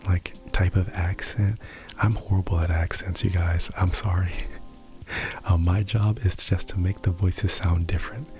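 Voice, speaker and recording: Soft-spoken man, whispered role-play. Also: sits low. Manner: soft-spoken, rambling, self-deprecating. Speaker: ASMR creator.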